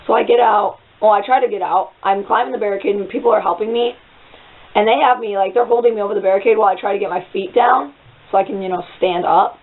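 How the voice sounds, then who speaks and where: A young woman casually telling a story, rambling, excitable and full of swearing. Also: medium pitch, fast. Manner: rambling, profane, excitable retelling. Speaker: vlogger. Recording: phone-like narrow sound.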